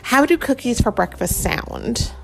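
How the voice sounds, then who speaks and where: A woman's voice: a little high, expressive, unhurried, creaky, faint music behind. A woman in her thirties hosting a podcast, reading a picture book aloud to her child, playful and chatty. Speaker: podcast host and mother.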